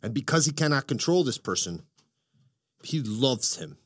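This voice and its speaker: A man hosting a casual podcast chat, excitable and profane, telling stories with lots of energy. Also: mid-range voice, moderate pace. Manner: excitable, profane, animated storytelling. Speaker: podcast host.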